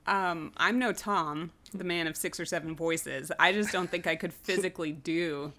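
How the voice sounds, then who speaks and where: A woman's voice: fairly low pitch, normal speed, pushed and bright. A woman co-hosting a casual podcast, speaking in a wry way with easy laughs. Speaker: podcast co-host.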